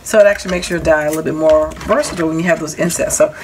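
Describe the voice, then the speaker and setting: Lady with a lowish voice showing off her craft dies, chatty, kinda noisy recording at home. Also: fairly even intonation, rapid-fire, darkish tone. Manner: chatty, self-correcting, apologetic asides. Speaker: crafting vlogger showing a haul. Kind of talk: casual show-and-tell. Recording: audible background noise.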